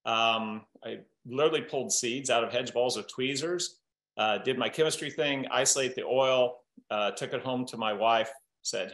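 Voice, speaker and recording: A man in his fifties from Southern Iowa, a chemist and company co-founder, telling a story on a training call in a relaxed, halting way with many fillers and restarts. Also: mid-range voice, echoey room. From Southern Iowa, USA.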